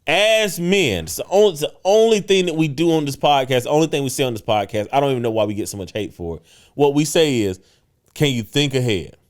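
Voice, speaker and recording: A man's voice: mid-range voice, animated, quick pace, clear, resonant tone. A man co-hosting a podcast, talking emphatically and often checking in with "right?". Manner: emphatic, preachy, leans on "right?". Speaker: podcast co-host. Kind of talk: casual podcast talk.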